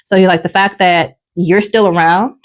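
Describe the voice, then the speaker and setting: A woman's voice: lowish voice, moderate pace. A woman hosting a podcast, casually recapping a drama and acting out the characters' lines. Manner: animated storytelling, acts out characters' lines. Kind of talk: casual chat.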